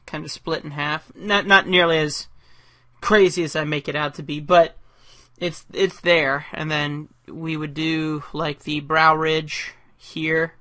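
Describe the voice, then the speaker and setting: A man's voice: a little high, flat delivery, takes it slowly, pushed and bright. A man who is a caricature artist, giving casual drawing commentary in a rambling, self-deprecating way, thinking aloud as he works.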